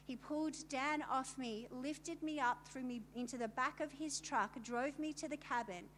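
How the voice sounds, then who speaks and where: A middle-aged woman with a high voice shares her testimony with a gathering of women. She tells it in vivid detail and turns to the listeners with emphatic asides. A faint hiss sits under her voice. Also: moderate pace, a bit bright. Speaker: speaker telling her story to a women's gathering. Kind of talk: personal testimony talk.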